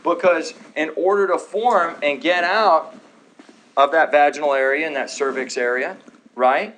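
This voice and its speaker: A man in his thirties lectures a live class in a slightly higher voice, tossing out sarcastic jokes and asking the room questions. Faint room noise sits under his voice. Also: measured pace, fairly bright tone, low-quality recording. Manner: joking, sarcastic asides to the audience. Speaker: chiropractor teaching a health class. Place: office classroom.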